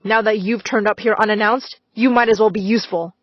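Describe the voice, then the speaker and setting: A woman's voice: medium pitch, fairly even intonation, fairly quick, no room sound, lightly acted. A woman voicing a threatening middle-aged male school principal who snaps and gives orders. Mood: menacing. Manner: threatening, snapping, cold. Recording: slightly dull, dry recording.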